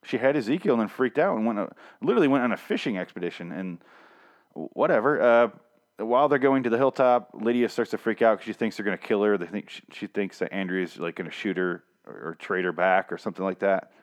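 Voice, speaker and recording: A man's voice: fairly low pitch, quick pace. A man casually recapping a comic series, rambling and swearing, with lots of restarts and fillers. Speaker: comic reviewer.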